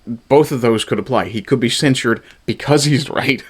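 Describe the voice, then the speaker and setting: A man's voice: mid-range voice, normal speed, slightly rough. A man from Newfoundland giving sarcastic, profane reaction commentary on clips. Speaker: commentary streamer.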